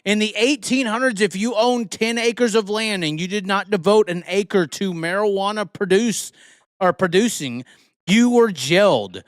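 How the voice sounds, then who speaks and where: Man, show host, casual joking chat, smooth dry voice, swears a lot. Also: high voice, normal speed, no echo. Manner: rambling, joking, profane. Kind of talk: casual live-stream chat.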